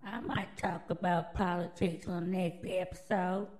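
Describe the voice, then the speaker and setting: A woman's voice: fairly low pitch, fairly even intonation, unhurried, darkish tone, low-quality recording. A woman hosting a podcast alone, delivering a crude, rambling, mock-conspiratorial monologue full of swearing. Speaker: podcast host.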